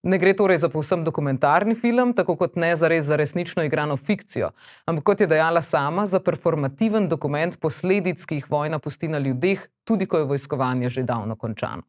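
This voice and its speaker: A man hosting and narrating a scripted segment, with a brisk, informative delivery. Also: on the high side, expressive. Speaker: program host and narrator.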